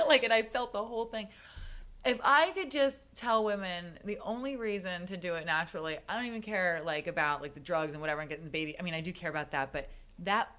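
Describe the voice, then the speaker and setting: A woman, likely in her thirties, excitedly telling a personal story in a casual podcast chat, full of "like". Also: lowish voice, fast. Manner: animated, excited storytelling with frequent "like". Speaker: guest.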